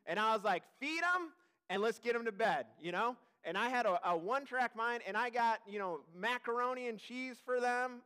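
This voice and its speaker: A man's voice: high-pitched, a bit bright, clean tone. A man in his thirties, a pastor giving a sermon in church, telling stories in a casual, self-deprecating way with asides to the congregation. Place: church service.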